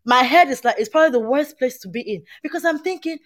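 A woman, chatting on a podcast panel and telling a story in an animated, emphatic way. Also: sits high, rapid-fire, hardly any pauses. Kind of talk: casual chat.

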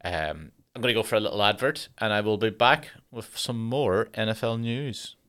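A man's voice: lowish voice, normal speed, a bit bright, clean tone. A man, a stand-up comedian hosting his own podcast in a rambling, sweary, jokey solo monologue.

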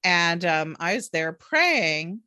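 A middle-aged woman, an author, telling a personal story in an interview with animated delivery and frequent laughter. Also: on the low side, slow pace, no echo, studio quality. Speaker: author and guest.

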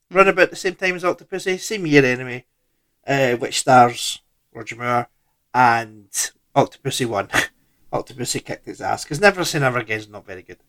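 A man's voice: medium pitch, fairly bright tone. A man co-hosting a podcast, chatting casually about a film in a loose, laid-back way with trailing sentences. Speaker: podcast co-host.

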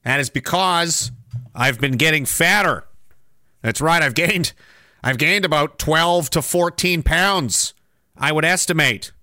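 A man's voice: on the high side, a little slow, sharp tone, no room sound, studio quality. A man hosting a live stream, ranting sarcastically in a mocking, rambling way. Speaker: streamer host.

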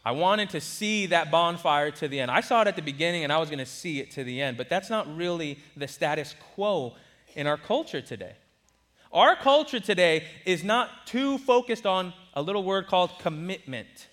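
A man in his twenties from Southern California, telling a personal story in a sermon with lively delivery and acted-out quotes. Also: a little high, moderate pace. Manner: animated, acts out quoted voices. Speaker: preacher.

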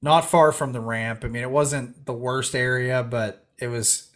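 A man's voice: medium pitch, measured pace. A man telling a long fishing story in casual chat, acting out the people in it. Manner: animated storyteller, acts out quoted voices. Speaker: podcast guest telling a story.

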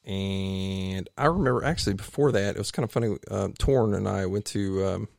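Gravelly low-voiced man telling a story. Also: normal speed, no echo, clean studio sound. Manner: rambling, animated storytelling with restarts. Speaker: podcast guest, triathlete. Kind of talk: casual storytelling interview. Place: home garage.

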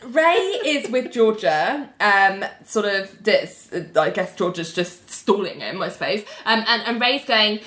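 A woman's voice: medium pitch, lively intonation, unhurried, hardly any pauses, a bit bright. A woman co-hosting a podcast, recapping in casual chat, full of "um" and "like". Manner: chatty, full of fillers like "um" and "like". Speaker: podcast co-host. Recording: echoey room.

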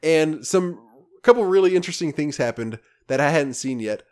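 A man with a slightly higher voice chats casually as a podcast co-host. He tells his game story in a rambling, animated way, restarting his sentences often. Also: normal speed. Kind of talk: casual chat about video games.

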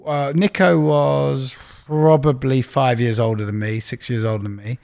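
Brief: middle-aged man, casual interview guest, anecdotal and chatty, even mid-range pitch. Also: moderate pace, gravelly. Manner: chatty anecdotal storyteller, exaggerates for laughs. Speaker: record label executive, guest.

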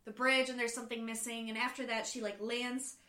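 Bright-voiced chatty woman in an echoey room. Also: fairly high pitch, fairly quick. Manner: chatty, animated retellings with acted-out quotes. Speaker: podcast co-host. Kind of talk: casual book discussion.

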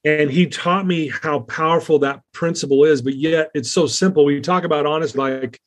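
A man's voice: on the high side, moderate pace. A man as an interview guest, telling a personal story in an earnest, rambling way with many fillers and restarts.

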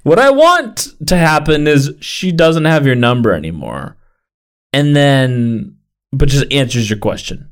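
A man riffing with a friend on a casual podcast. His voice swings widely in pitch, and he swears freely and laughs a lot. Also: sing-song, measured pace, smooth. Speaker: podcast co-host. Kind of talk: casual chat.

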